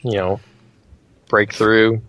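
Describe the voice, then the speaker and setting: A man's voice: lowish voice, level tone, takes it slowly, fairly bright tone, no room sound. A man guesting on a casual podcast, easygoing and chiming in with short agreements. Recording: dull lo-fi mic.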